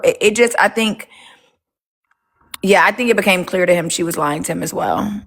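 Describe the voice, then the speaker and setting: A woman on a casual livestream, telling a story in a lively way, acting out what others said, and swearing freely. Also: medium pitch, moderate pace. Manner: animated storytelling, acts out quotes, swears freely. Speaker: livestreamer recounting a court case. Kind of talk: casual live chat.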